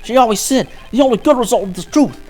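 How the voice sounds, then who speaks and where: A player shouting as Robin, a loud, eager teen boy. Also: mid-range voice, expressive, fast talker, soft background music, voice pushed up, lightly acted. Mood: boisterous. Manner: shouting, boisterous. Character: loud, eager teenage boy art student.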